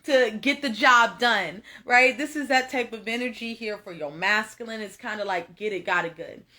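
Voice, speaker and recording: Her voice on the high side, pushed and bright at a normal speed, a young woman gives a casual tarot reading monologue. She talks straight to viewers with emphasis, repetition and plenty of swearing, and gets tearful at moments.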